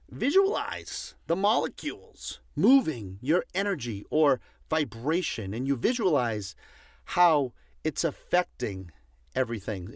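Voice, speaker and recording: A man's voice: medium pitch, no echo, studio quality. A man giving a passionate motivational talk, stressing his points by repeating commands. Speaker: motivational speaker.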